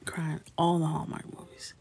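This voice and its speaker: Deep and husky, her voice is completely flat in delivery and moderate in pace. This thirty-something woman hosts a live coloring stream, chatting casually, laughing with viewers, and speaking softly, often drifting into a whisper.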